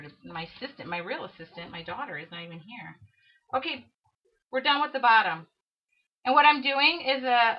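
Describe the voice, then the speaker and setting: A middle-aged woman leading a live craft tutorial, chatty and self-mocking as she talks herself through the work. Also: a little high. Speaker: craft demonstrator. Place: craft studio. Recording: dull lo-fi livestream audio with faint hiss.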